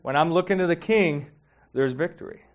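A man's voice: fairly high pitch, normal speed. A man giving a casual, heartfelt sermon, talking conversationally with many fillers and getting emotional. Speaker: preacher.

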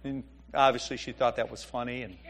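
A man's voice: medium pitch, fairly even intonation, brisk, fairly bright tone. A middle-aged male pastor preaching a sermon, reading scripture and telling jokey family stories in a conversational way. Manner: conversational, joking storytelling with Bible reading.

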